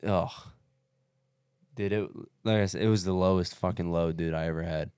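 A man's voice: sits low, fairly even intonation, moderate pace, darkish tone, clear, resonant tone, no echo, studio quality. A man telling a long race story in casual podcast chat, blunt and emphatic, swearing constantly. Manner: blunt, heavily profane, emphatic. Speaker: podcast co-host recounting a race.

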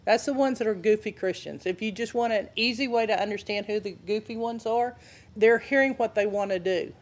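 A woman's voice: mid-range voice, brisk. Woman teaching a casual Bible class. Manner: conversational, asks the audience questions.

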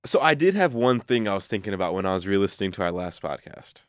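A man's voice: sits low, sing-song, fast talker, dry recording, clean studio sound. A man co-hosting a sports podcast, laid-back and chatty. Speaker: podcast co-host. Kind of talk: casual chat.

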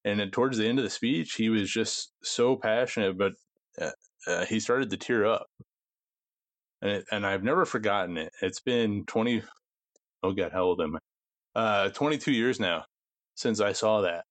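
Low-voiced man, measured talk. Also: dry recording. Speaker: guest co-host. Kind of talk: casual chat.

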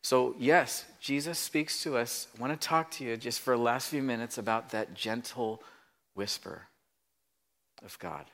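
A pastor delivers a sermon at an unhurried pace in a medium-pitched voice. He swings between loud, pleading lines and soft, hushed passages while acting out voices from the Bible.

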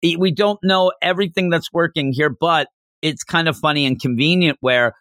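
A man hosting a casual podcast discussion, animated, acting out characters' lines as he talks. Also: a little high, normal speed, no room sound, clean studio sound. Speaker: podcast host.

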